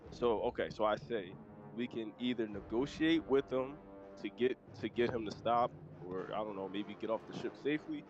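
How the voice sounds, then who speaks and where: A man's voice: fairly low pitch, moderate pace, lo-fi sound. A man playing a tabletop game who talks hesitantly, stopping and restarting with many fillers. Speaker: player.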